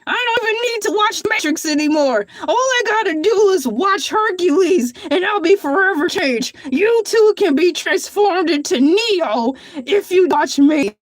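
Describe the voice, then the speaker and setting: A woman's voice: very high-pitched, expressive, a little slow, few pauses, dry recording. A woman voicing a boastful male shark who hosts his own show, talking in a grandiose, rambling, self-praising way. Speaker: host. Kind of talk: character livestream show.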